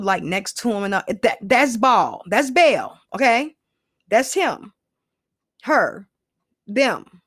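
A woman's voice: mid-range voice, no room sound, clean studio sound. A woman giving casual opinion commentary, rambling and profane, with lots of asides and fillers.

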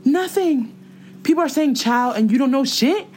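A woman chatting casually, blunt and animated, swearing freely. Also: high-pitched, brisk, slight background noise. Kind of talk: casual chat.

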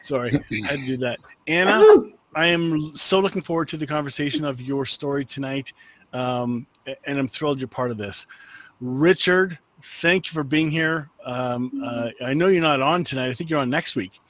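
A man hosting an online panel by video call, effusive and warm in his praise, often saying "oh my goodness" and laughing. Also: mid-range voice, normal speed, no echo. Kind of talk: casual chat.

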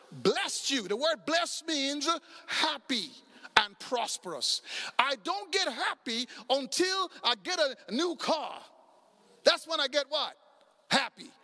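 A middle-aged man preaching a sermon as pastor, telling stories and acting out the dialogue with sudden shouts. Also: extremely high pitch.

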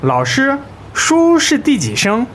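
A speaker playing a student who slowly asks the teacher a question in a recorded lesson dialogue. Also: sits high, huge pitch swings, fairly bright tone, a little hiss or hum, full character voice. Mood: curious. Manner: slow, questioning.

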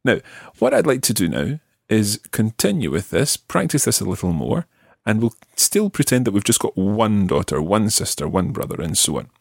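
A man teaching a podcast language lesson, patiently modelling words slowly for the learner to repeat. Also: fairly low pitch, sing-song, vocal fry, slightly rough, no echo, clean studio sound.

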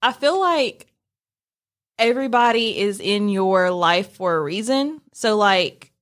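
A woman's voice: medium pitch, slow. A young woman guest on a podcast, chatting casually and loosely, with many fillers. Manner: relaxed, lots of fillers. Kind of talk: casual chat.

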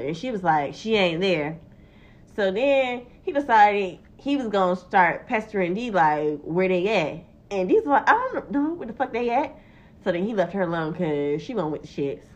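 A woman's voice: on the low side, animated, normal speed. A young woman telling a story in casual chat, acting out the quotes and swearing freely. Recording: dull lo-fi recording.

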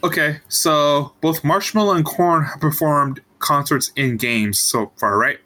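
A man's voice: fairly high pitch, measured pace, sharp tone. A man co-hosting a casual gaming podcast, easygoing and agreeable. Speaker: podcast co-host.

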